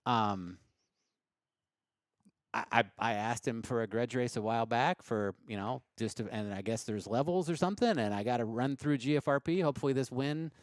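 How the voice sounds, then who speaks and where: A man's voice: mid-range voice, normal speed, no echo. Blunt male guest, dry close sound. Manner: blunt, casual, swearing. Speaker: studio guest, racer. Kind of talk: live-stream studio talk show. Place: studio.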